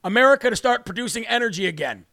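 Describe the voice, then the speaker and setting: A man's voice: very high-pitched, animated, quick pace, gravelly, sharp tone, dry recording, clean studio sound. A man hosting a political talk show, delivering a brash, mocking, ranting monologue.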